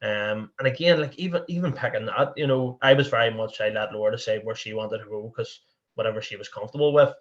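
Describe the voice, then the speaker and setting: A man's voice: fairly low pitch, quick pace, dull audio. A young man with a Northern Irish accent, a podcast guest telling a candid personal story in a rambling way, full of "you know" and restarts.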